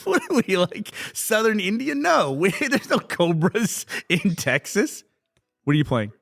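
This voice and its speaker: A man's voice: high-pitched, very animated, a little slow, vocal fry. A man co-hosting a casual chat show, teasing playfully and laughing often. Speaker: podcast co-host.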